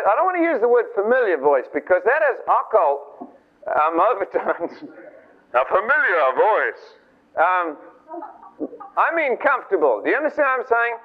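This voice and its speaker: Man preaching, animated, high and lively voice, thin phone-like radio sound. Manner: animated, chatty, acts out the story's voices. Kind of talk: informal sermon storytelling. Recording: tinny lo-fi radio broadcast.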